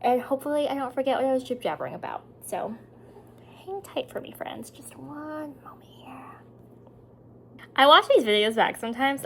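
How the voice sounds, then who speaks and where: A woman's voice: fairly high pitch, fairly bright tone, slight background noise. A woman in her thirties telling a story in casual chat to the camera at home, often dropping into whispers. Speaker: vlogger. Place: home indoors.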